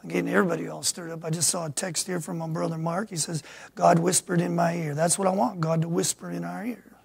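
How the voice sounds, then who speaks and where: A middle-aged man from Michigan preaching a sermon as pastor, swinging from quiet asides to loud emphatic peaks. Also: on the high side, little pitch movement, fast, vocal fry, breathy edge. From Michigan, USA.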